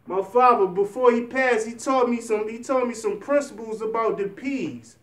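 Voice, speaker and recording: A young man with a fairly high voice talks in a rambling, earnest, encouraging way, often restarting his sentences. He sits a bit away from the mic, so the room echo comes through. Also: normal speed, fairly bright tone, recorded from a distance. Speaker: vlogger. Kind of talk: motivational vlog talk.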